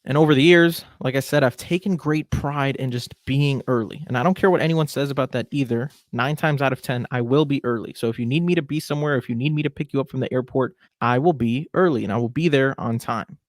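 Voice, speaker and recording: A man's voice: medium pitch, quick pace, few pauses, dry recording, studio quality. A man in his twenties hosting a podcast, giving a chatty, opinionated rant in a casual style. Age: 20s. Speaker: podcast host.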